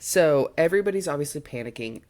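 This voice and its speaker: Low-voiced, lively woman podcast co-host. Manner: animated retelling, acting out characters in quick quotes. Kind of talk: casual book chat.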